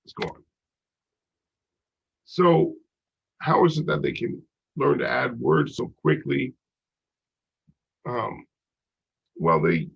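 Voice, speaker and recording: A man's voice: medium pitch, creaky, breathy edge. A congested man giving a recorded psychology lecture in a casual, rambling way, full of "like" and "you know.". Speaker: psychology instructor. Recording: dull lo-fi recording.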